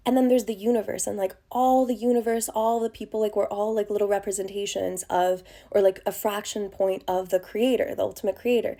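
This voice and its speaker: A young woman coach telling a personal story to camera in a casual, excited way, with lots of fillers and some swearing. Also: medium pitch, creaky. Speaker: creative expansion coach.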